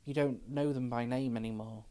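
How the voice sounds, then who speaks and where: Frank trans woman with a dark voice. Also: very deep voice, steady tone, brisk. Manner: frank, storytelling with quoted dialogue. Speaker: podcast guest. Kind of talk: casual chat.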